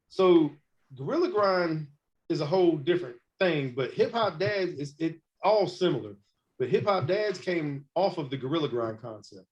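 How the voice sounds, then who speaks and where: Guy in his 40s, hip hop artist, chatty storyteller, kinda high voice, dull lo-fi recording. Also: normal speed. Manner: animated storyteller, acts out quotes. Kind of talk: casual storytelling interview. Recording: muffled lo-fi recording.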